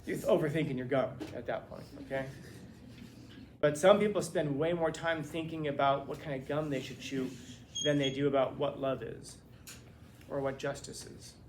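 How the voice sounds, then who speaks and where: A man lectures a classroom on philosophy in a slightly high voice, pressing his students with rhetorical question after question. He sounds animated and conversational. Faint room noise sits behind him. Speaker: teacher.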